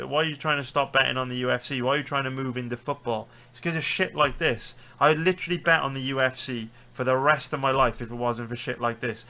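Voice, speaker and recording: A man's voice: mid-range voice, pushed and bright. A man with a British accent, a sports betting streamer, ranting heatedly and swearing through live stream commentary. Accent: British English.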